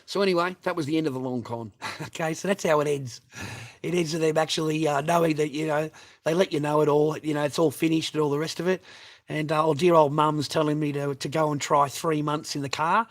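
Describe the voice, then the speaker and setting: A man's voice: fairly high pitch, steady tone, fairly quick. A man with a daughter, ranting to his livestream audience in a profane, heated and mocking way. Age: adult with a child.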